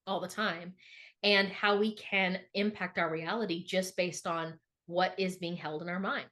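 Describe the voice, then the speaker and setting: Middle aged woman talking on a podcast, earnest, leans on repeated words, mid pitch. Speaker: podcast co-host. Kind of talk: reflective podcast conversation.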